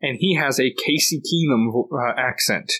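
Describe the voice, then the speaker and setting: A man's voice: mid-range voice, moderate pace, bright, forceful tone. Rambling, laughing male podcast storyteller. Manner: rambling storyteller, laughs often, restarts sentences. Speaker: podcast co-host. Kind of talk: casual podcast chat.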